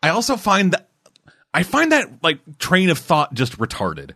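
A man's voice: on the high side, wildly swooping pitch, a little slow, bright, forceful tone, no echo, clean studio sound. A man casually riffing along to a film with friends, sarcastic and profane.

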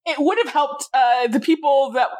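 Female podcast co-host, very high voice, wry and profane, laughs through her asides. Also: fairly even intonation, normal speed, darkish tone. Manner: wry, swears freely, laughing. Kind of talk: casual TV episode recap.

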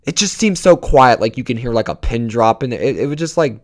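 A young man hosts a casual solo podcast, speaking briskly in an expressive, medium-pitched voice. He rambles, swears freely, and restarts his sentences a lot.

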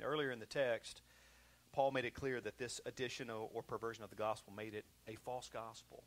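Man preaching a conversational sermon. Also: mid-range voice. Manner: conversational preaching with repetitions, swinging from loud to hushed. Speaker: pastor.

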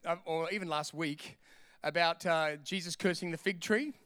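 Man, sermon, animated, clear smooth voice, dry sound. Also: a little high, normal speed, no echo. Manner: animated, acts out voices, laughs often. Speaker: pastor.

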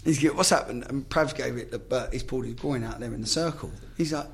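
A man's voice: mid-range voice, fast talker. A man, a former footballer, telling stories in casual chat, swearing freely and acting out the dialogue.

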